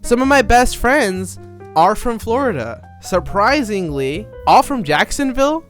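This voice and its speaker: A man's voice: very high voice, very animated, moderate pace, faint music behind. A man delivering a sarcastic, rambling comedic monologue that keeps interrupting itself. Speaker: commentary creator.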